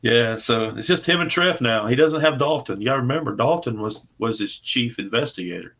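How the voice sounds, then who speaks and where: A man's voice: medium pitch, animated, brisk, fairly bright tone. A man, a comic book creator, talking about his work in a casual livestream interview, rambling and repeating words in an easygoing way. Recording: muffled lo-fi stream audio.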